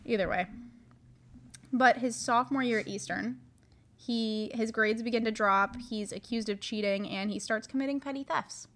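A woman's voice: fairly high pitch, moderate pace, a bit bright. A young woman co-hosting a true crime podcast, telling the case in casual chat with many fillers and restarts. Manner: chatty, many likes and restarts. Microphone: podcast mic.

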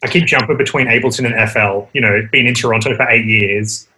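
A man's voice: medium pitch, steady tone, fast, sharp tone. An Australian man chatting casually on a call and laughing often. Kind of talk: casual chat.

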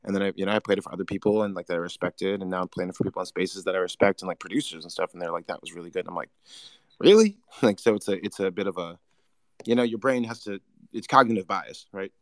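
A man hosting a podcast, chatting casually and telling stories in an animated way full of "like". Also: deep voice, no room sound. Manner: animated, quick storytelling with lots of "like". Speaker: podcast host. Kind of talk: casual conversation.

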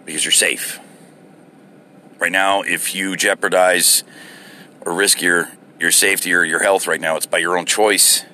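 A man's voice: low voice, level tone, unhurried, long pauses, pushed and bright, a little hiss or hum. A man with children and a wife, ranting angrily with heavy profanity in a heated monologue. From United States. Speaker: vlogger.

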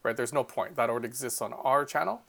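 A man's voice: medium pitch, quick pace, vocal fry, sharp tone. A man talking as a podcast guest, earnest and explanatory in a casual chat. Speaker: podcast guest, tabletop channel co-host.

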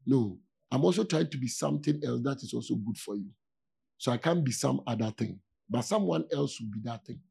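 With a gravelly, slightly rough voice of medium pitch, this male pastor sounds warm and expressive as he gives a loose, conversational sermon. He breaks off often to ask "do you see?", making sure the congregation follows, and mixes in laughter and pauses.

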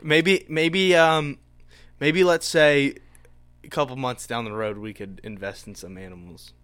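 A man's voice: mid-range voice, fairly even intonation, unhurried, a bit bright, smooth, no room sound. A young man from Pennsylvania co-hosting a casual podcast, trading laid-back, profane banter with his friend. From Pennsylvania, USA. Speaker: podcast co-host.

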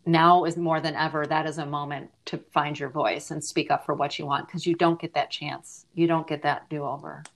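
A woman's voice: sits low, level tone, normal speed, hardly any pauses. A middle-aged woman speaking as an interview guest, earnest and reflective as she shares a personal story, her voice dropping at times to a near-whisper. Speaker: podcast guest, grief advocate.

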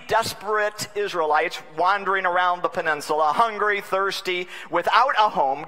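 A man delivering a sermon as a bishop, with a somewhat high, very bright and forceful voice. He is wry and humorous, dropping to a hush and then rising again. The sound carries the long reverb of a large conference hall. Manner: wry, humorous, swings between loud and hushed. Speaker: bishop preaching.

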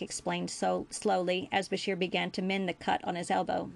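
A woman reading fan fiction aloud as a storyteller, with a steady pace and small slips. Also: on the low side, normal speed, creaky, hardly any pauses. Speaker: audiobook reader.

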